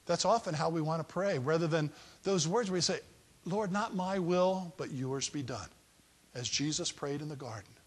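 A man's voice: fairly high pitch, moderate pace, husky. A man preaching a sermon as a pastor, walking through a Bible passage and acting out its people in a raised voice. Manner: acts out the people in the story in a raised voice.

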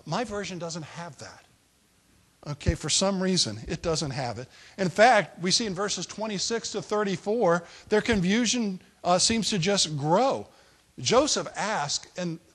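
A man's voice: high voice, fairly bright tone. A man preaching a sermon as a pastor, walking through a Bible passage and acting out its people in a raised voice. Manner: acts out the people in the story in a raised voice.

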